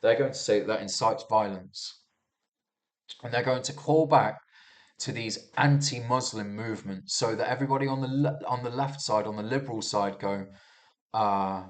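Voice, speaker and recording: A man's voice: mid-range voice, normal speed. A man riffing on the news in a loose, unscripted monologue. He talks heatedly, trips over his words and restarts sentences often, and swears freely along the way. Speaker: commentator reviewing the news. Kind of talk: casual rambling monologue.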